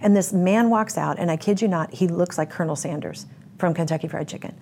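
A woman's voice: on the low side, brisk, darkish tone, slight background noise. A woman giving a candid interview, telling her story bluntly and vividly. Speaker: interview guest.

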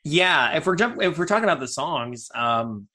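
Eager guy rambling in casual chat, bright ringing voice. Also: on the high side, lively intonation, moderate pace. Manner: enthusiastic, rambling with restarts.

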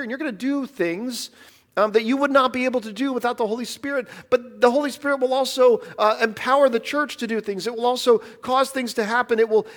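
Man, pastor, high tenor, earnest conversational sermon. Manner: earnest, conversational preaching with fillers. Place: church.

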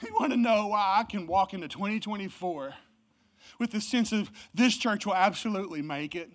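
A pastor preaching a Christmas sermon, swinging from loud, emphatic exclamations to low, hushed delivery. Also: a little fast. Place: church service.

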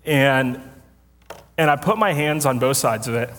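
Speaking unhurriedly in a medium-pitched, fairly bright voice, a male pastor tells a casual, self-deprecating story during his sermon and laughs often. The church sanctuary is filled with a congregation, and a long hall reverb colors the sound.

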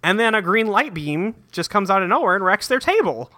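Guy recapping a cartoon ep, bright kinda high voice, swears a lot, dry close mic. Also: sing-song. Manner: profane, laughing recap with quick voiced quotes. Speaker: podcast co-host recapping a cartoon. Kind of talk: casual chat.

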